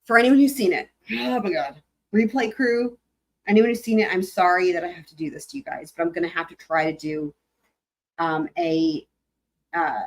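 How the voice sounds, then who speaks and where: A young adult woman hosting a livestream, chatting casually with viewers, rambling and laughing, swearing freely. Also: fairly low pitch. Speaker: livestream host.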